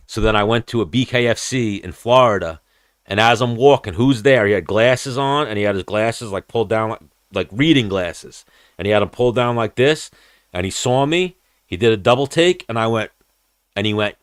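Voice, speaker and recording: A young man hosts a podcast, his lowish voice a little fast, clear and resonant. In casual chat he tells a long, profane, rambling story, acting out quoted voices along the way. The clean studio recording has no echo.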